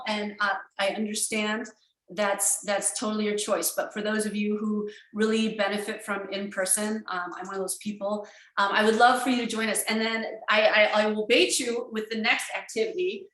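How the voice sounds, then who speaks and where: A woman giving a conference keynote over a video call, talking in an energetic, emphatic way with many fillers and restarts. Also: mid-range voice, moderate pace, reverberant, poor audio. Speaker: keynote speaker.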